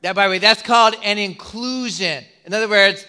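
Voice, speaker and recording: A middle-aged pastor with a high-pitched, sharp, smooth voice preaches a sermon, asking the congregation questions and pausing for effect.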